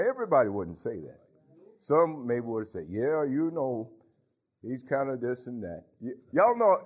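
A man's voice: fairly high pitch, lo-fi sound. A man preaching a folksy sermon as pastor, talking straight to his congregation and dropping in hallelujahs. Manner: folksy, talks to congregation, frequent hallelujahs and laughs.

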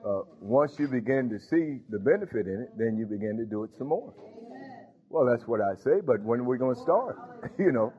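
A male pastor giving a sermon, halting with fillers, then building to emphatic points. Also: medium pitch, expressive. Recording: tinny phone-like audio.

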